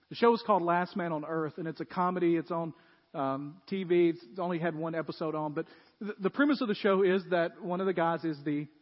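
A man preaching a sermon as pastor, telling stories and becoming animated as he retells a scene. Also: fairly high pitch. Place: church. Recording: dull, echoey church hall.

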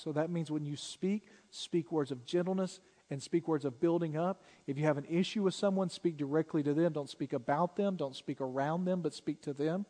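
A high-pitched male pastor preaching in a church sanctuary, his voice trailing off into a long hall reverb. He speaks earnestly and directly, and picks up volume and speed as he tells stories. The tone is that of a Sunday sermon. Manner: earnest, direct preaching that gets louder and quicker when retelling a story.

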